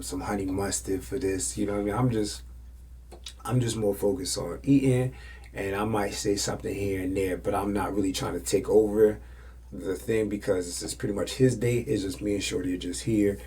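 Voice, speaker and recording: Gravelly man telling a story. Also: lowish voice, fairly quick. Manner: animated storytelling, acts out quotes. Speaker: podcast host.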